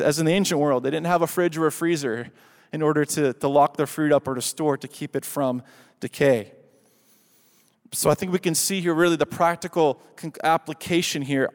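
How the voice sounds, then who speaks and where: A pastor preaching a sermon in a voice pitched a little high for a man. His delivery swings between slow, hushed scripture reading and loud, emphatic exhortation, with frequent repeats and restarts. The sound carries the long reverb of a church sanctuary.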